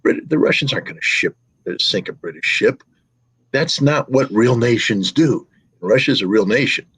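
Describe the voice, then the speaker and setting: A man's voice: mid-range voice, lively intonation, moderate pace, fairly bright tone, slightly rough, dry recording, rough recording. A middle-aged man giving scornful, sarcastic political commentary in hammering repeated phrases. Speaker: guest commentator.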